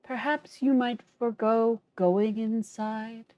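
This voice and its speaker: Woman doing Six, a stiff deadpan robot servant. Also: fairly high pitch, slow, dry recording, lo-fi sound, pitched above the performer's own voice. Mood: cautious. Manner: stiff, dutiful, cautious.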